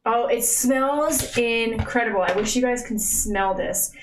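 A young woman live-streaming from home on a close mic, gushing excitedly as she opens gifts, saying "like" and "oh my gosh" over and over. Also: on the high side, a little slow, noisy background. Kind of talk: casual live-stream unboxing chat. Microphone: close desk mic.

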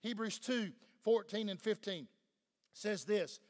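A pastor from Tennessee, with a Southern US accent, fervently preaches a sermon and presses the congregation with questions. His voice sits high and his pace is slow. The church sanctuary gives a long hall reverb.

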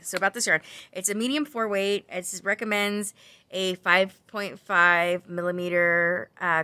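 Chatty woman, crafty host, rambling with lots of ums, rather low pitch, close dry mic. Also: sharp tone, no room sound. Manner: chatty, rambling with side tangents; frequent ums and self-corrections. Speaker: crochet vlogger. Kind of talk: casual chat.

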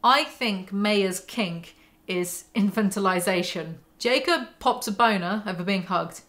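A woman's voice: mid-range voice, a little slow, fairly bright tone. A woman hosting a book breakdown, reading passages aloud and adding sarcastic, mocking asides. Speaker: book commentary host.

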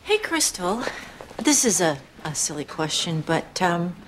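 A woman's voice: on the low side, sing-song, measured pace, faint music behind. A woman in a sitcom, with a brusque, dry way of talking. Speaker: sitcom character, a brusque boss. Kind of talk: sitcom acting.

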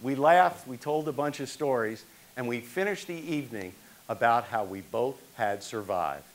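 A man's voice: medium pitch, animated, normal speed, a little hiss or hum. An older man from New York performing a one-man stage monologue, telling his own story and acting out the people in it.

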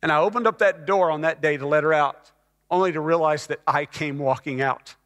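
A middle-aged pastor from Texas preaching a sermon as a personal testimony, emotional and rising to fervent peaks. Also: male voice, fairly high pitch, fairly quick, a bit bright. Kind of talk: sermon storytelling. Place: church sanctuary. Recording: church hall reverb.

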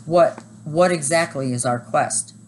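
A woman reading aloud and voicing a cautious young boy who speaks carefully and quietly. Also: low-pitched, measured pace, slight background noise.

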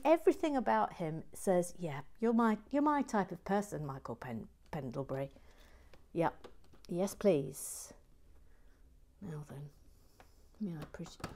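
A woman's voice: fairly low pitch, darkish tone, a little hiss or hum. A woman hosting a casual building stream, chatting in a self-deprecating, exclamatory way. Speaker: LEGO building stream host. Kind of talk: casual chat while building.

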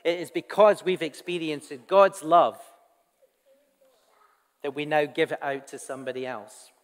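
A man's voice: a little high, a little slow. Man preaching in a reverberant church. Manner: earnest, conversational preaching with asides to the congregation. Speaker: pastor. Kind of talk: sermon. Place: church hall.

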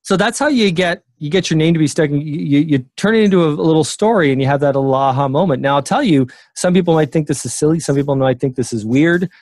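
A man's voice: on the high side, quick pace, few pauses, darkish tone, dry recording. A man in his sixties, a memory expert guest, talking casually in an interview with many fillers and restarts.

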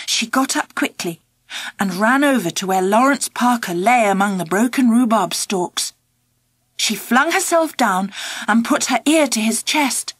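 A woman narrating a children's audiobook in the first person, expressive and animated. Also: a little high, unhurried, slightly rough, no echo. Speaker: audiobook reader.

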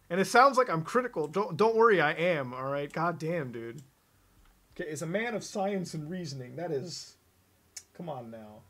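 A man streaming a video game live, commenting as he plays and reading chat messages in a profane, excitable and mocking manner with sudden shouts. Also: a little high.

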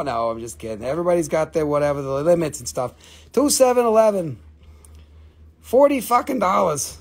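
A man selling rocks on a live auction stream, excitable and swearing, mocking himself as he slashes prices. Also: fairly high pitch, a little fast. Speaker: live-stream rock seller. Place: shop.

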